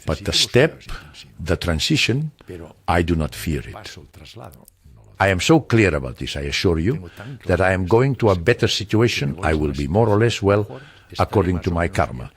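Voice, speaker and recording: An older man from Spain, a retired surgeon, answering interview questions in a calm, earnest, reassuring way. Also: deep voice, moderate pace.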